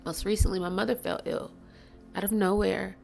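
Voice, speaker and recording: A woman giving a blunt, earnest and emotional spiritual monologue, stressing slow words and sometimes dropping to a whisper. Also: medium pitch, flat delivery, vocal fry, darkish tone, faint music behind. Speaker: spiritual channel host.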